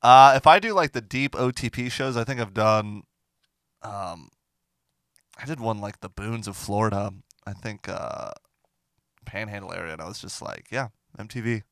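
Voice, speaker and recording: A man co-hosting a comedy podcast in casual chat, teasing with deadpan jokes. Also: lowish voice, moderate pace, clear, resonant tone, no echo, studio quality.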